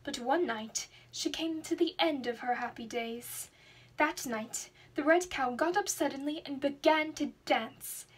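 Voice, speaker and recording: A young woman reading a children's storybook aloud in an expressive, dramatic way. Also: high voice, measured pace. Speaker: student reader.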